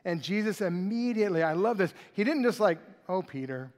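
A pastor preaching a sermon in an animated, conversational way, in a large church hall. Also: male voice, high-pitched, brisk.

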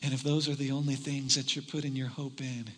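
A man preaching a sermon to a large congregation, retelling a story with dramatic swings between shouting and hushed tones. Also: mid-range voice, little pitch movement, brisk, long reverb tail. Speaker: pastor. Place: large church hall.

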